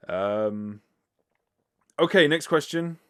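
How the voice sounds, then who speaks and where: Slow and lively, with a fairly bright, clear, resonant voice on the high side, a British man answers listener questions on his casual solo podcast. He rambles with lots of fillers and casual swearing, close to a sensitive mic.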